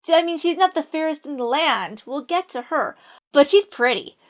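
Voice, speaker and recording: A woman's voice: high voice, lively intonation, normal speed. A woman telling a fairy tale in a casual, playful way with wry asides. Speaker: storyteller.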